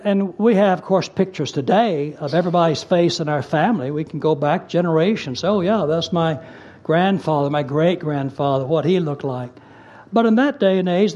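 A man delivers a sermon in a high voice, earnest and emphatic. He slows down to stress key phrases, then drops into plain conversational asides. The recording sounds dull and lo-fi. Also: darkish tone. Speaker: preacher.

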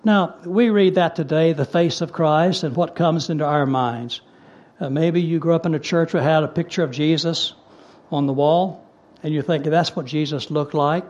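Emphatic high-voiced male preacher. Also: a little mellow, highs cut off. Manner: earnest, emphatic repetition, slows to stress scripture; conversational asides with fillers. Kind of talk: sermon.

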